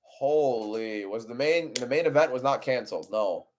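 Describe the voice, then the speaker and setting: A man's voice: medium pitch, normal speed, a little hiss or hum. A young man streaming a fight watchalong, ranting in exasperation over a dull card. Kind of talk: live stream commentary.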